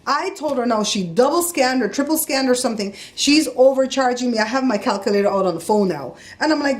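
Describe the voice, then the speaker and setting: A woman's voice: on the high side, fairly quick, few pauses. A middle-aged woman vlogging casually, telling a story with heat and acting out the voices of the people in it. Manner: animated, acts out quoted voices, gets heated.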